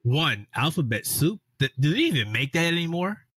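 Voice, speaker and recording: Husky-voiced man joking on a podcast. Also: a little high, big pitch swings, normal speed, a bit bright, no echo. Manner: joking, sarcastic banter. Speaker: podcast co-host, editor-in-chief. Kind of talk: casual gaming podcast chat.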